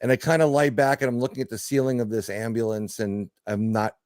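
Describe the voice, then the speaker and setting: A middle-aged man telling a story in casual podcast chat, animated and joking, with some swearing. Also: mid-range voice, a little fast, dry recording, clean studio sound. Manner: animated storyteller, swearing, laughing through jokes. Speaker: podcast guest.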